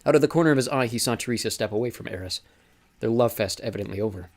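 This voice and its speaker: A man narrating an audiobook in a steady, dramatic reading style. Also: medium pitch, racing. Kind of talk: scripted narration.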